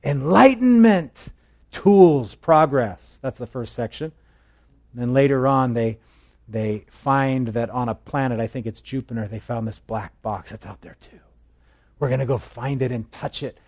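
A man gives a relaxed, conversational Bible teaching at a middle pitch. He keeps turning to his listeners with questions and slips jokes in between the verses. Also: moderate pace. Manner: chatty, asks the listeners questions, tells jokes.

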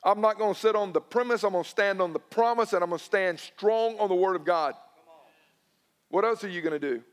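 A male pastor, preaching a sermon and swinging between loud emphatic lines and hushed, personal ones. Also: high voice, a little fast, clean tone, long reverb tail. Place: church sanctuary.

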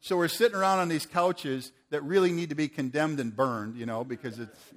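A man preaching to a group of men, telling a story in a lively way and acting out the people in it. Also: fairly high pitch, brisk. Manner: animated, acts out the people in his story. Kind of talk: storytelling sermon.

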